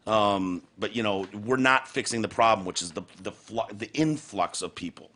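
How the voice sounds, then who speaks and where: A man's voice: fairly low pitch, normal speed, pushed and bright. A man doing a grumbling old president. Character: impression of a grumbling male president, older.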